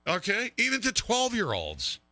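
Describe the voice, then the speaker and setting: A male show host giving loud, riffing live-stream commentary, mocking and sing-song at times. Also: sits high, huge pitch swings, normal speed, no room sound.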